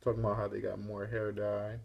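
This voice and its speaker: Low, gravelly man recapping a comic. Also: monotone, fairly quick, a little mellow. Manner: rambling, laid-back plot retelling. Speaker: comic book reviewer. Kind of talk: casual spoken comic recap.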